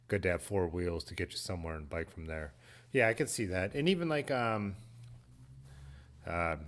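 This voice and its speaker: Deep-voiced laid-back man hosting a livestream. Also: a bit bright. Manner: laid-back, rambling, laughs often. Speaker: livestream host. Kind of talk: casual live-stream chat reading viewer comments.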